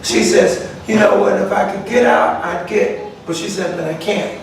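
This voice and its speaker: Folksy preacher with a high voice, echoey room. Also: male voice, normal speed, a little hiss or hum. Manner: folksy, animated retelling of conversations. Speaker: pastor. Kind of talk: Bible study talk with storytelling. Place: church room. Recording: echoey room, distant mic.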